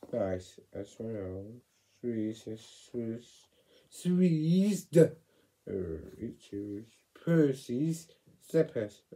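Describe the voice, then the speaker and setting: A man reading a children's picture story aloud, swinging from loud exclamations to whispered asides. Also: medium pitch, poor audio.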